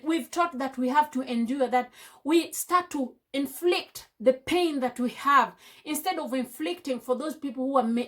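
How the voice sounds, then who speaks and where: High-voiced woman vlogging. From Africa. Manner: impassioned, full of rhetorical questions. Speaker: beauty vlogger. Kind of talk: casual chat while doing makeup. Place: indoors at home.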